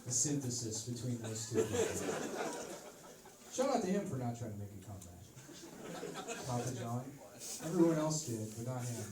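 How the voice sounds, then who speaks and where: A man in his thirties doing a stand-up comedy set in a rambling deadpan, now and then breaking into loud shouts. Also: mid-range voice, normal speed, pauses often, a loud crowd. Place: comedy club stage with a live audience. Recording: roomy, distant audience recording with laughter.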